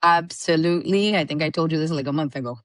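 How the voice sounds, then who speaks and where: A woman's voice: low-pitched, quick pace, no room sound, studio quality. Laughing woman guest telling stories. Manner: laughing, animated storyteller. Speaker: podcast guest, small business owner. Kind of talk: casual chat.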